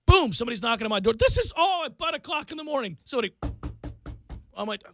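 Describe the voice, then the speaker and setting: A male talk-radio host, telling a long self-mocking story in an animated way. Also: very high voice, fast talker, faint music behind. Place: radio studio.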